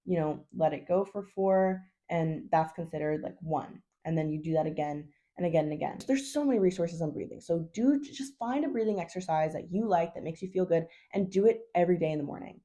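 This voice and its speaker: Blunt, chatty woman coach with a mellow voice. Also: fairly low pitch, brisk, few pauses. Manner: blunt, chatty, swears, says 'like' constantly. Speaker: hormone health coach. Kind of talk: casual advice vlog.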